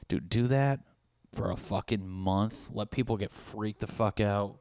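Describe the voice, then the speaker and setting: A man's voice: lowish voice, steady tone, moderate pace, smooth, no echo, clean studio sound. A young man hosting his own podcast, rambling and riffing with plenty of swearing and acted-out bits of dialogue. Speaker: podcast host. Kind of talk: solo podcast rant.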